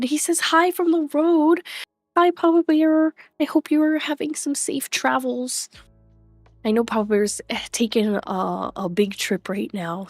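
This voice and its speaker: A woman's voice: a little high, no room sound. A young woman chatting casually on a live stream, greeting viewers by name and laughing often, recorded at home on a desk microphone. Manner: chatty, reads chat names aloud, frequent laughs. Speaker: livestreamer.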